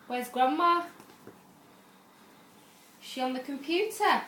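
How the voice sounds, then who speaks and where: A woman, a parent, asking a toddler slow, sing-song questions in a home video. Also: sits high, fairly bright tone, a little hiss or hum. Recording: echoey room, camera mic from a distance.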